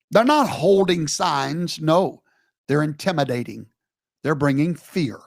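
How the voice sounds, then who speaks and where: A man hosting emphatic, preaching-style commentary, firing off rhetorical questions with big jumps in pitch. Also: creaky, no echo, studio quality. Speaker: host.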